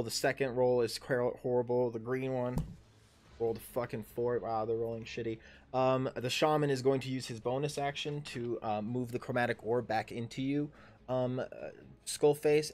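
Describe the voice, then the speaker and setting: A man in his thirties running a tabletop game as dungeon master, talking in a halting way with many fillers and restarts. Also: medium pitch. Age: 30s. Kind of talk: narrating a tabletop game livestream.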